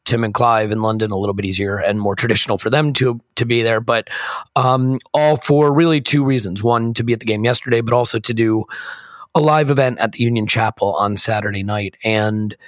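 A man hosting a sports podcast with a hoarse, croaky voice, chatting casually and self-deprecatingly from a hotel room. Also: lowish voice, fairly even intonation, fairly quick, no room sound, clean studio sound. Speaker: podcast host. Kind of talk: casual chat.

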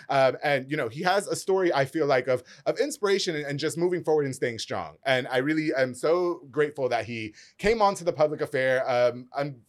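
Fast-talking man hosting a podcast. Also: mid-range voice. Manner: rapid, animated, auctioneer-like delivery. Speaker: podcast host. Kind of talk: casual chat with read sponsor shout-outs.

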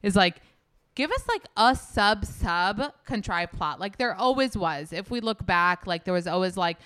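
A woman's voice: medium pitch, expressive, measured pace, fairly bright tone, smooth, dry recording. A woman chatting as a podcast guest, candid and profane, with lots of "like" fillers. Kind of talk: casual podcast chat.

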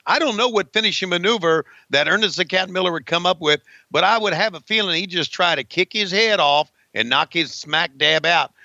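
A man's voice: high voice, brisk, gravelly, few pauses, sharp tone, no room sound, dull audio. A man calling play-by-play over an old wrestling match, crude and rambling, joking with his co-host and cursing often.

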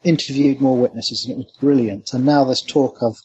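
Man telling animated tales, lo-fi. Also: medium pitch, brisk, a little hiss or hum. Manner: animated anecdotal storyteller. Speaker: cryptozoologist guest. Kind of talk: storytelling interview. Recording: dull lo-fi remote line.

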